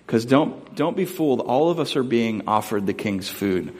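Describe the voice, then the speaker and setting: A man's voice: mid-range voice, animated, normal speed, darkish tone. A man in his thirties, a pastor preaching a conversational sermon, earnest and often asking the congregation questions.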